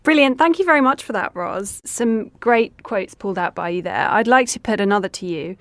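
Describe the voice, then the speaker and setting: A woman hosting a news podcast, putting polite, brisk questions to her guests. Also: medium pitch, animated, fairly bright tone, no room sound. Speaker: host.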